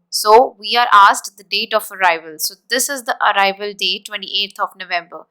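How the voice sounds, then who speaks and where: Clear-voiced woman teaching exam prep. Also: medium pitch, sharp tone, low-quality recording. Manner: deliberate, explanatory, spells words out. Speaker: IELTS teacher.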